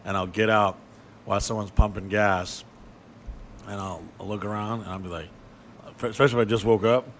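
A man's voice: on the low side, steady tone, brisk, pauses often, slight background noise. A man telling blunt, profane stories from touring in a casual conversation. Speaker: touring show host. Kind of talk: raunchy casual storytelling.

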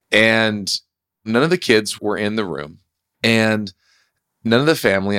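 A man's voice: on the low side, a bit bright, no room sound, clean studio sound. A man hosting his own podcast, telling a personal story in a reflective, conversational way. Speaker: podcast host. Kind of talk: solo podcast monologue.

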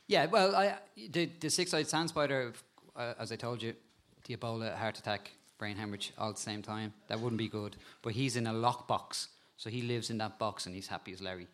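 A man with an animated way of telling stories, a guest talking casually about insects and spiders and laughing at times. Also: on the low side, fairly quick, hardly any pauses. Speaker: guest, insect and frog expert. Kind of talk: casual storytelling chat.

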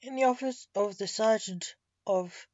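A woman narrator reading a story aloud in a plain, steady way. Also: on the high side, measured pace, no echo, highs cut off.

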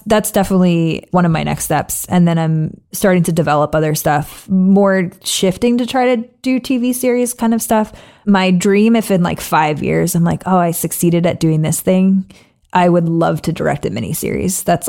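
Woman director guesting on a podcast, kinda low gravelly voice, chatty, trails off a lot. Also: a little mellow. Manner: chatty, laughs often, trails off mid-sentence. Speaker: guest filmmaker. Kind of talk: casual podcast chat.

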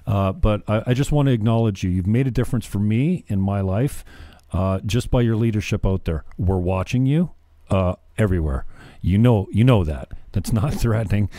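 A middle-aged man talks in a low, dark, mellow voice, stumbling and repeating words as he speaks earnestly. The sound is close and dry, with no room around it. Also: normal speed, no room sound. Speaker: podcast host. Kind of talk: casual chat.

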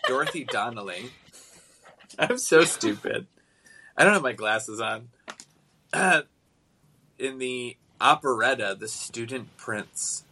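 A man co-hosting a podcast, recapping a TV episode in casual, rambling chat, animated and often laughing. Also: mid-range voice, slow, vocal fry, long pauses. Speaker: podcast co-host.

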